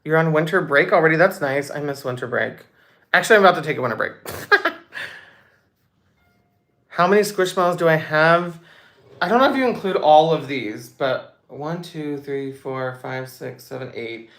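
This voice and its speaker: A young woman hosting a casual livestream Q&A, reading out chat comments in a bubbly, chatty way with quick asides. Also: sits low, expressive, fairly bright tone. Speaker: livestream host.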